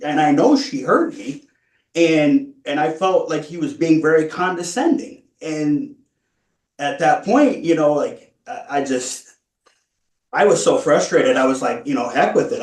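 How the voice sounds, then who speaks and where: A man speaking at a parole hearing, earnest and halting, stumbling through many restarts as he explains himself. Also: a little high, a little mellow. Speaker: parole applicant. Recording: echoey room, far from mic.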